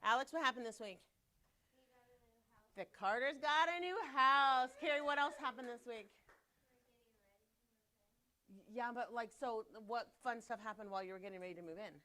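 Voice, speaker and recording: A bubbly woman leads a children's Sunday school class, teasing the kids and rattling along quickly. Her voice is bright and a little high, with a forceful ring to it. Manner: bubbly, teasing, fast-talking. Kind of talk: children's class, lively and playful.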